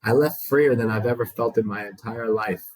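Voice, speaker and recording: A man's voice: lowish voice, normal speed, husky, poor audio. A man telling his recovery story to a small group, raw and profane, acting out the dialogue he quotes.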